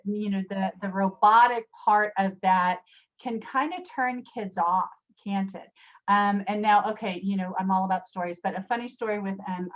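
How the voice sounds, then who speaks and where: Special education teacher leading an online workshop; conversational, rambling storyteller, medium pitch, muffled call audio. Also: female voice. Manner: chatty, many fillers and restarts, addresses attendees by name. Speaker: workshop presenter. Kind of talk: virtual workshop talk with storytelling. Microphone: video call.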